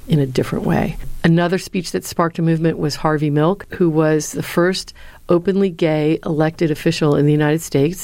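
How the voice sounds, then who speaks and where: A middle-aged woman, a former speechwriter and lecturer, answering interview questions with earnest, lively storytelling. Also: sits low, creaky. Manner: earnest, lively storyteller who acts out quotes.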